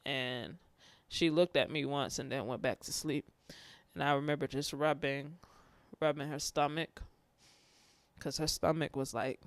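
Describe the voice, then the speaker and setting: A man speaking haltingly, fighting back tears as he talks about his grief. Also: fairly high pitch, clear, resonant tone, dry recording. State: tearful. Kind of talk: personal testimony on grief.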